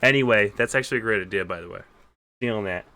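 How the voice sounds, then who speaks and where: A man's voice: fairly low pitch, fast talker, pushed and bright. A man hosting a streaming podcast, chatting casually and teasing his guest with lots of fillers. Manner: joking, rambling, laughs often. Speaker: podcast host. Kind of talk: casual interview chat.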